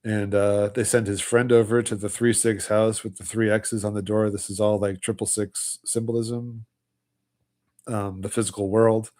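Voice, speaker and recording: A man hosting a casual livestream, hoarse with his voice almost gone, tired, rambling through loose explanations. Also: fairly low pitch, flat delivery, normal speed, a little mellow. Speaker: livestream host.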